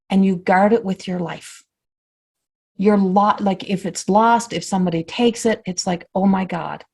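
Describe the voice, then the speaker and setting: A woman spiritual teacher giving a flowing talk before a guided meditation, repeating and rephrasing, often dropping to a soft hush. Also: medium pitch, breathy edge. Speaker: spiritual teacher and oracle card reader.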